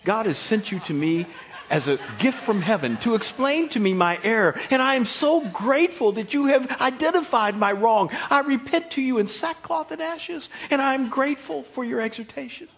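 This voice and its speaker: A man's voice: animated, normal speed, a bit bright, exaggerated voice. A man preaching while mimicking a syrupy, overly grateful husband who repents to his wife in mock sincerity. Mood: mock gushing. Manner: exaggerated, mock-sincere, rising to high-pitched.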